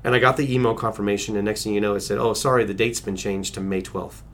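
A man's voice: fairly low pitch, fairly even intonation, fast talker, slight background noise. A middle-aged man recounting a personal story as an interview guest, earnest, with restarts and acted-out quotes.

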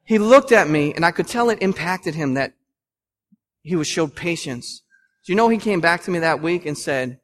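Earnest preaching pastor, slightly high voice. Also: male voice, animated, moderate pace. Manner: earnest, emphatic preaching, rising to loud bursts. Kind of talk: sermon. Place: church sanctuary.

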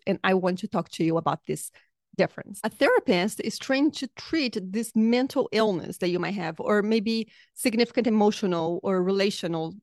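A woman's voice: medium pitch, no room sound, studio quality. A woman hosting a casual podcast monologue as a life coach, effusive and upbeat with chatty asides, her throat slightly sore.

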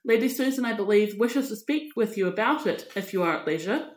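A woman reading aloud and voicing a flustered, impetuous young gentleman explaining himself apologetically. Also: mid-range voice, animated, fairly quick, close to an everyday voice. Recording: echoey room.

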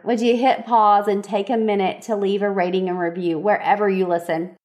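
A woman hosting a solo podcast, giving upbeat and encouraging advice in a chatty way. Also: mid-range voice. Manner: upbeat, encouraging, chatty with frequent "okay?" and "y'all". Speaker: podcast host, photographer.

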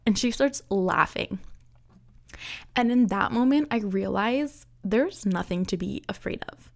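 A young woman with a medium-pitched, creaky voice, speaking a little slowly, hosts her own podcast. She chats casually and rambles alone, using lots of fillers and laughing frequently.

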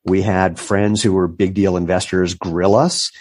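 Speaking at a measured pace in a low voice, a male entrepreneur in his fifties recounts stories during a casual interview, acting out the voices of those he quotes with animation. The recording is dry and studio quality.

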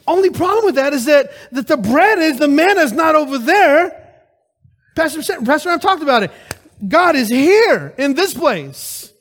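High-voiced man preaching a sermon. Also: moderate pace. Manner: lively, rhetorical, calls out to the congregation. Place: church service.

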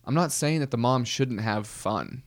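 A man hosting a comedy podcast, telling a rambling deadpan story with casual slang. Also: mid-range voice, a little slow, dry recording. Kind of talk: comedic monologue.

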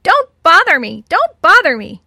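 A shrill, squawking male parrot from a children's storybook, as a woman puts him on, copying what he hears. His voice sits far above her own and rings sharp and bright. The sound is dry and close. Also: huge pitch swings, normal speed, vocal fry, no echo, full character voice.

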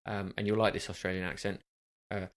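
A man's voice: on the low side, moderate pace, a bit bright. Man, podcast co-host, casual chat, teasing, jokey, rambling.

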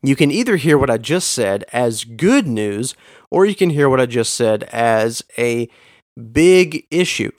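Man, podcast host, earnest teaching tone, punches key words, mid-range pitch, dry close sound. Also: sing-song, measured pace, dry recording. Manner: earnest, stresses words for emphasis. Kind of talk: scripted teaching monologue.

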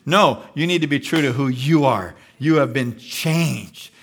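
A man preaching a sermon with animated delivery, often acting out the inner voices he describes. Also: medium pitch, unhurried, slightly rough. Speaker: pastor.

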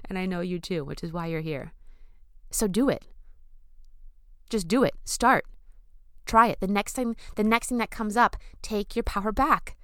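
A woman's voice: mid-range voice, pushed and bright, dry recording, clean studio sound. A woman speaking as a spiritual self-help speaker in a motivational monologue, emphatic and casual, repeating phrases and sometimes getting emotional. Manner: casual slang and laughter.

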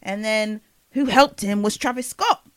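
A woman co-hosting a podcast, telling gossip in a casual, animated way and jumping into impressions. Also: medium pitch, measured pace, dry recording. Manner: animated storyteller, jumps into impressions. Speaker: podcast co-host.

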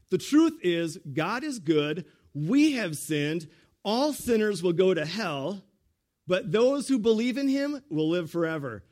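Lively high-voiced preaching man. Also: a little slow. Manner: animated preaching, leaps high for emphasis, drops low for asides. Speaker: pastor. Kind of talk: sermon.

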